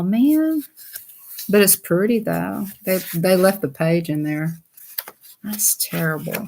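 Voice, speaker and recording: A woman's voice: mid-range voice, slight background noise. A woman, reading children's books aloud in a chatty, giggly way and talking to her viewers. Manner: chatty, giggly, talks to viewers, reads slowly. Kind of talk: casual read-aloud chat.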